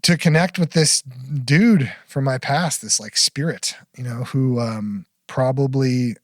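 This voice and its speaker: A middle-aged man, a podcast guest, telling a personal story frankly with blunt swearing, his voice dropping very low at the heaviest parts. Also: takes it slowly, no echo, clean studio sound. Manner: frank, profane, drops to near-whisper at heavy moments. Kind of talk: candid storytelling interview.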